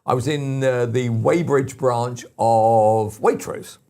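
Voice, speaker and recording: An older man hosting a talk radio show, telling rambling stories with lots of restarts and animated asides. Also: medium pitch, slow pace, clean tone. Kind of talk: casual talk radio chat.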